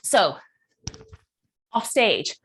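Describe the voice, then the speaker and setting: A middle-aged woman teaching a lively confidence workshop, playful and theatrical, acting out little voices and laughing often. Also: mid-range voice, drawn-out words, slightly rough. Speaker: burlesque performer and confidence coach.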